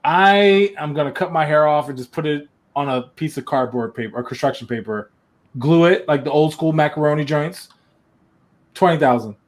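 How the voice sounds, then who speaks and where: A man co-hosting a comedy podcast, joking loosely and riffing in casual chat. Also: on the high side. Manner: joking, loose, puts on a fake French accent. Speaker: podcast co-host.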